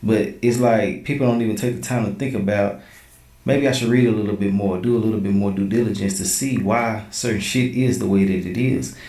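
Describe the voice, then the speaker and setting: Low mellow guy reading texts out loud on a reaction show, blunt and slangy, kinda echoey room. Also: steady tone, fairly quick. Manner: blunt, slangy, reads quoted messages in a plain back-and-forth. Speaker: reaction channel host. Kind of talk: casual commentary reading text messages aloud.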